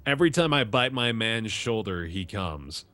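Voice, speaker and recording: A man's voice: lowish voice, lively intonation, normal speed, bright, forceful tone. A young man co-hosting a casual gaming chat, joking and self-deprecating. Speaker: co-host.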